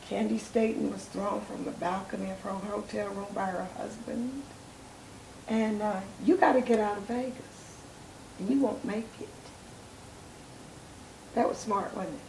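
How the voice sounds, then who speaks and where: An older woman tells stories from her life in a relaxed interview, slipping into the voices of the people she quotes. Her voice has a gravelly edge. The room sounds echoey, with a faint hiss behind her. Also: mid-range voice, unhurried. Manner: animated storyteller acting out quoted voices. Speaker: interview guest, soul singer. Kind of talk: casual storytelling interview.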